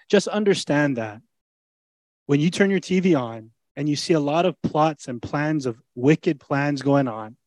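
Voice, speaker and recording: A pastor preaching a sermon in an earnest, emphatic, conversational way. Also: male voice, fairly high pitch, a little mellow, no echo.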